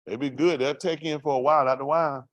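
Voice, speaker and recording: A man's voice: on the high side, steady tone, rapid-fire, fairly bright tone, dry recording. Dry, plain-voiced man testifying. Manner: raw, vernacular storytelling with rhetorical questions to the room. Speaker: congregation member giving testimony. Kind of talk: street-life testimony to a congregation.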